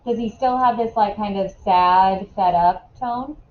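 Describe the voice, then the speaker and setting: A woman teaching a classroom lesson in a casual way, asking quick questions and often checking in with "right?". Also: mid-range voice, muffled recording.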